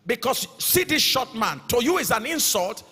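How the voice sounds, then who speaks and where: Nigerian male pastor, middle-aged; sharp, husky tone; sing-song delivery that bursts into shouts; hall reverb. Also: very high voice, big pitch swings, normal speed. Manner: emphatic preaching, rising to shouts, sing-song cadence. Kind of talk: sermon.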